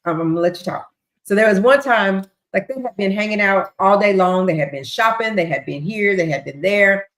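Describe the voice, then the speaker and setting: Chatty and quick, this livestream host retells court testimony, performing quotes and throwing in ad-libs along the way. She speaks in a mid-range, fairly bright voice. There's a roomy echo on the audio.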